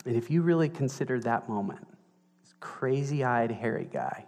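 A male preacher giving an animated, playful sermon and retelling a story with emphasis. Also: mid-range voice, a little slow, pauses often, big-room sound, a little hiss or hum.

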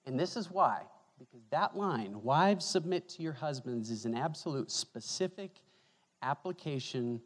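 A man preaching a sermon as pastor, animated and joking, moving from loud bursts to hushed asides. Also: mid-range voice, unhurried. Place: church hall. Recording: long reverb of a hall.

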